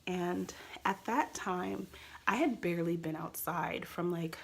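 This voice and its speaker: A woman's voice: fairly low pitch, unhurried, gravelly, slightly rough. A woman vlogger candidly telling a personal story as she shares tips, confiding in tone and often quoting what people said. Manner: candid, confiding, with quoted dialogue and soft trailing phrases. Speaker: vlogger sharing pregnancy coping tips.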